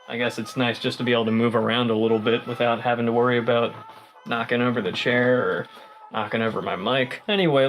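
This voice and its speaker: A man's voice: medium pitch, a bit bright, rough recording. Tipsy young man rambling to camera. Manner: joking, rambling, swears freely. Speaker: vlogger. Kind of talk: casual rambling vlog.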